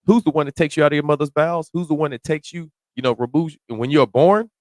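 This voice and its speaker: A man preaching verse by verse, reading scripture slowly and then explaining it in casual slang, sometimes rising to a shout. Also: a little high, dry recording. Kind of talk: verse-by-verse sermon.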